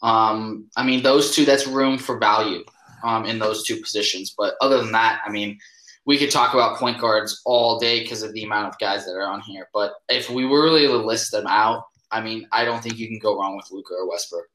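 A man's voice: lowish voice, fairly even intonation, a little fast, bright, forceful tone, echoey room, low-quality recording. A man co-hosting a casual sports chat, hesitant and self-correcting with many ums.

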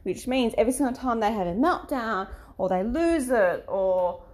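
A woman talking candidly about her life as a mother, expressive and laughing now and then. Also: fairly high pitch, normal speed. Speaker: mother sharing parenting experience. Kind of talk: casual monologue, coaching tone.

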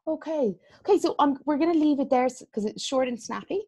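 A woman's voice: high voice, animated, fairly quick, dark tone. A woman hosting a podcast interview who keeps her guest going with encouraging replies. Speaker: podcast host.

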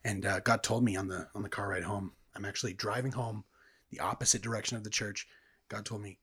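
A man's voice: lowish voice, fairly even intonation, a little fast, fairly bright tone, breathy edge. A man earnestly telling his personal testimony as a guest in a conversation. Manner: earnest, reflective storytelling.

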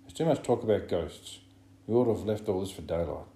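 A man voicing a strained boy leader who shouts to keep order, in a roomy room with a faint hum. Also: low voice, expressive, brisk. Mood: exasperated. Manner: raised, shouting to restore order.

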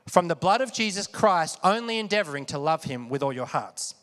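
A man preaching with a fairly high voice, his words ringing with long reverb from a large hall. He talks casually and keeps asking the congregation questions. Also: animated, moderate pace, few pauses, a bit bright. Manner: conversational, asks the audience questions often. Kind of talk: sermon.

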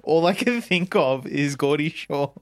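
A woman's voice: deep voice, lively intonation, a little slow, no room sound, studio quality. A woman co-hosting a casual radio chat show, bantering playfully and laughing often. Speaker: co-host.

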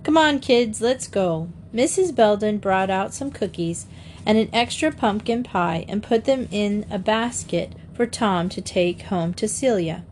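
A woman's voice: mid-range voice, lively intonation, unhurried, darkish tone, slight background noise. A woman narrating a children's mystery book in a storytelling manner. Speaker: audiobook narrator.

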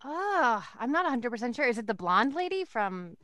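A woman guessing at trivia in casual chat, excitable and thinking aloud. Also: on the high side, normal speed, no room sound.

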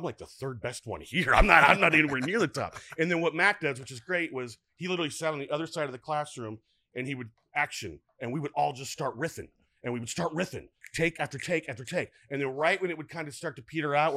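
A middle-aged man, a guest actor, telling lively anecdotes in casual podcast chat, often acting out what people said. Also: mid-range voice, no echo. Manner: animated, lively anecdotes with frequent restarts and acted-out quotes.

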